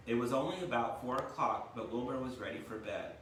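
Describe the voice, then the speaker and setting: A man's voice: medium pitch, fairly quick, few pauses, pushed and bright, slight background noise. Chatty man reading a storybook, echoey. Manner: chatty, explains words, tags lines with "right?". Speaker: teacher. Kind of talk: reading a storybook aloud to a class. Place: home kitchen. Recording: echoey room, mic far off.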